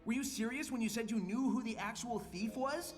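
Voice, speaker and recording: An actor playing Sonic, a cocky young male hedgehog hero in a cartoon, brisk and confident. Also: extremely high pitch, soft background music. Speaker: cartoon character played on stream.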